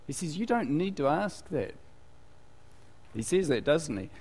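A man's voice: a little high, animated, moderate pace. A man preaching a sermon in a chatty, conversational way, full of asides and rhetorical questions. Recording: long hall reverb.

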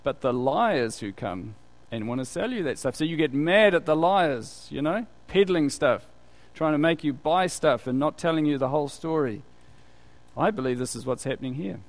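A man preaches a sermon in a relaxed, conversational way, asking his listeners rhetorical questions as he goes. His voice sits a little high for a man. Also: moderate pace.

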